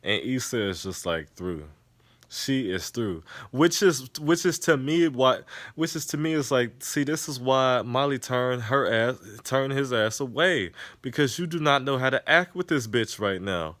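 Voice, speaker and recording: Man recapping a show, profane, animated, mid-pitched voice, dry close mic. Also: a little slow, no echo. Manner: animated, profane, laughs often. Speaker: TV episode reviewer. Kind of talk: casual recap with acted-out quotes.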